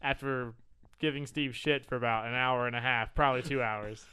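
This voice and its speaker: A man's voice: medium pitch, fairly even intonation, normal speed, pushed and bright, smooth. A man co-hosting a podcast, joking around and teasing his friends with frequent laughs. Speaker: podcast co-host. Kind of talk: casual chat.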